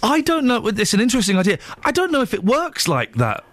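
Animated male radio host, stammering. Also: high-pitched, fast. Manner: lively, stammering, self-deprecating banter. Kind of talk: casual radio chat. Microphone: studio microphone.

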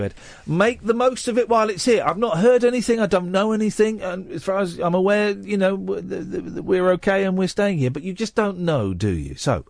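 A man's voice: high voice, creaky, no echo. A man hosting a radio phone-in, joking and teasing callers in a studio. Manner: jokey, teasing, stumbles and restarts. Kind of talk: late-night radio phone-in chat. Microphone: studio microphone.

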